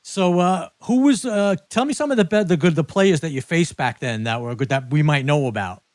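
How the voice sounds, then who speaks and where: Male interviewer, prompting and affirming, smooth voice, dry close sound. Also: a little high, fairly quick, dry recording. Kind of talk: interview questions.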